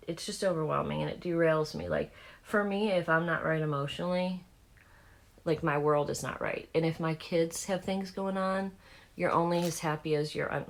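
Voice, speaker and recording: Low-voiced chatty Southern woman. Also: vocal fry, slight background noise. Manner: rambling, candid, with many fillers and restarts. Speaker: beauty vlogger. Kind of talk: casual chat while doing makeup.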